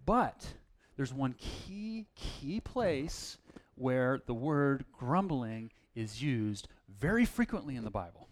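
A man's voice: mid-range voice, sing-song, slow pace. A man preaching a casual, self-deprecating sermon, with plenty of fillers and restarts. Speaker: pastor.

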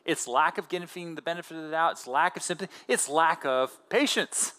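Bright, animated man preaching a sermon. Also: fairly high pitch, brisk. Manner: conversational, animated preaching with casual fillers. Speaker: pastor.

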